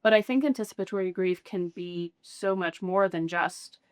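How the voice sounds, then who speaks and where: A woman hosting a podcast, calmly explaining an idea for listeners in a supportive way. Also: lowish voice, normal speed, clear, resonant tone, no echo, studio quality. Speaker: podcast host. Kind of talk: conversational podcast talk.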